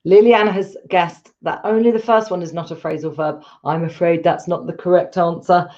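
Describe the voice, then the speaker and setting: A woman's voice: on the low side, fairly even intonation, moderate pace, a little mellow, muffled recording. A woman teaching a live online English lesson, patient and encouraging as she explains step by step.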